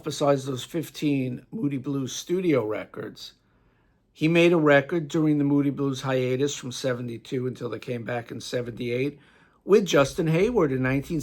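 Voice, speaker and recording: Gravelly New York man reminiscing. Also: fairly high pitch. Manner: chatty, rambling, reminiscing. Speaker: music vlogger. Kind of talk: casual tribute monologue.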